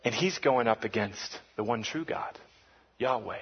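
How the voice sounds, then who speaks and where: A man preaching a sermon, swinging between hushed lines and loud, emphatic peaks. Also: mid-range voice, a little slow, breathy edge, lo-fi sound. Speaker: pastor.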